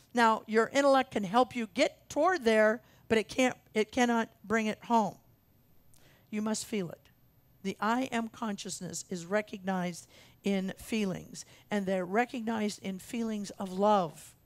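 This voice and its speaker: A woman's voice: medium pitch, no echo. A woman minister preaching a sermon in an earnest, emphatic way, repeating her key phrases for weight. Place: church sanctuary.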